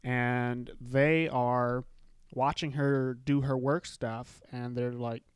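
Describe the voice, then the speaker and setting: A man's voice: medium pitch, level tone, slow, smooth, dry recording. A man hosting his own show, chatting casually and retelling scenes in a loose, filler-filled way. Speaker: podcast host. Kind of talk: casual solo show recap.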